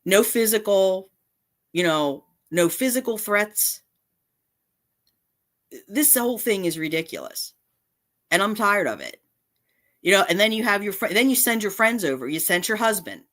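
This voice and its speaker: A woman's voice: medium pitch, big pitch swings, unhurried, long pauses, fairly bright tone. A woman vlogger delivering an angry, confrontational rant straight to camera, indignant and repeating her points. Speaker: cat channel vlogger.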